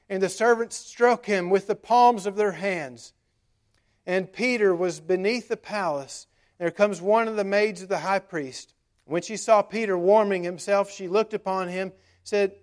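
A man's voice: sits high, normal speed. A male pastor preaching a sermon, retelling scripture in plain everyday words with a conversational manner and frequent filler sounds.

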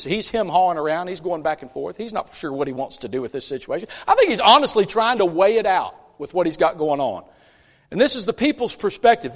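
A man preaching a conversational sermon in a church, folksy and animated, with chatty asides between scripture readings. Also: high voice. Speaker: pastor. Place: church sanctuary. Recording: long church reverb.

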